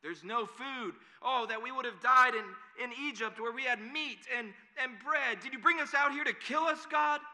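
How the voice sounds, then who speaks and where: Whiny grumbling Israelites, as a preacher puts them on. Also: male voice, very high-pitched, moderate pace, few pauses, pushed and bright, voice pushed up, exaggerated voice. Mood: whiny, accusing. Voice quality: whiny, pleading. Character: grumbling desperate Israelites, whiny crowd of complainers. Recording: long hall reverb.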